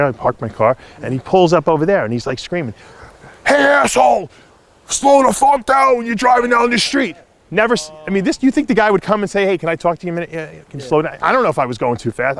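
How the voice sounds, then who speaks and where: A man hosting a podcast, telling a story in casual, animated chat outdoors, swearing freely and laughing. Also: on the high side. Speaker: podcast host. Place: outdoors by a house in the sun.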